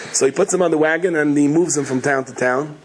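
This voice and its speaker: A middle-aged man giving a sermon as a rabbi, telling stories in a rapid, chatty, joking way. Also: on the high side, a little hiss or hum, low-quality recording. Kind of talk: sermon with humorous storytelling.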